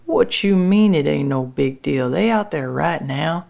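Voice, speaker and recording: Woman playing a stubborn, anxious working man, gravelly, pleading and alarmed. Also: low-pitched, lively intonation, unhurried, mellow, heavily acted. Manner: pleading, plain-spoken folksy dialect.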